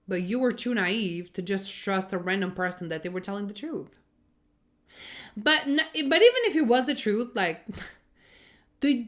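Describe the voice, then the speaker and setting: A woman casually reviewing TV episodes in a chatty, expressive, rambling way, swearing freely and thinking out loud. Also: mid-range voice. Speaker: TV series reviewer. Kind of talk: casual spoken review vlog.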